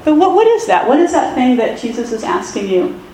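A woman pastor giving a sermon in a conversational, self-deprecating way with animated asides. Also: high-pitched, a little fast, echoey room, slight background noise, rough recording.

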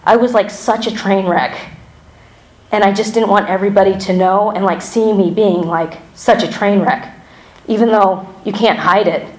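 A woman's voice: medium pitch, fairly even intonation, normal speed, darkish tone. A woman speaking candidly to a congregation about her faith and her own experience, talking in a loose conversational way with plenty of fillers, restarts and wry asides. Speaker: church member giving a testimony. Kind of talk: personal testimony to a congregation. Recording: roomy hall echo.

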